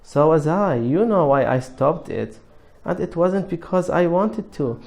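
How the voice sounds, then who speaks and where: A man's voice: on the high side, lively intonation, measured pace, vocal fry, a little mellow. A man reading aloud and voicing a tense, guarded seventeen-year-old boy who answers in a clipped, defensive way.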